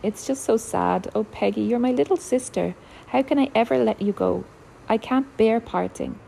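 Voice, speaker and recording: A woman voicing a tearful young woman who is the heroine's older sister, speaking softly and pleadingly. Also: fairly low pitch, moderate pace, creaky, slight background noise, low-quality recording.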